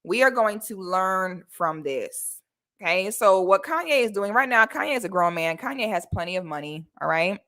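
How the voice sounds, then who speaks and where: A young woman with a bright, sharp voice talks sassy, emphatic advice straight to her viewers. She runs her own vlog and keeps every line punchy. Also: medium pitch, expressive, normal speed. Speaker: commentary vlogger. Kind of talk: casual advice commentary.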